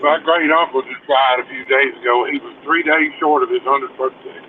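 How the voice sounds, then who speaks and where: A man's voice: medium pitch, steady tone, brisk. A man chatting frankly and offhandedly as a guest on a livestream. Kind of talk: casual livestream chat. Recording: lo-fi call audio with faint noise.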